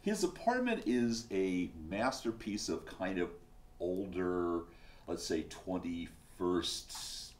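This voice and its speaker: A man narrating a tabletop game as game master, animated and laughing as he tells the story. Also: low voice, slow pace.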